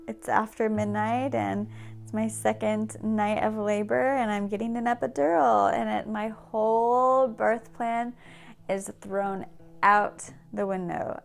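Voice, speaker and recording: A young woman vlogger telling a personal story to camera, emotional and reflective, halting and restarting as she talks. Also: mid-range voice, gravelly. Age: young adult. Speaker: family vlogger. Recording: soft guitar music behind.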